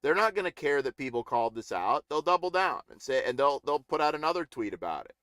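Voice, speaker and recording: Bright, indignant male political streamer. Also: on the high side, very animated, quick pace, dry recording, studio quality. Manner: rambling, indignant, with restarts and mocking impressions. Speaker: live-stream political commentator. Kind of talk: casual political commentary.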